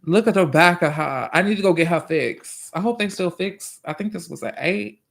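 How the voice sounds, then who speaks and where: A man hosting a casual livestream, reading viewer comments and chatting in a profane, drawn-out way. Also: sits high, creaky, a bit bright. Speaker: livestream host and musician.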